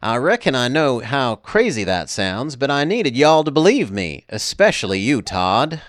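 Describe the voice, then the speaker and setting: A man's voice: mid-range voice, sing-song, moderate pace, fairly bright tone, no room sound. A man doing a put-on Texan accent to voice a folksy old cowboy who owns a fossil park, drawling as he reads the game's lines.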